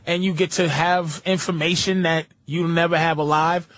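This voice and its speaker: High-voiced rambling podcast host. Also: male voice, level tone, a bit bright, no room sound. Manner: rambling, musing, halting restarts. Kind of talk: rambling casual chat.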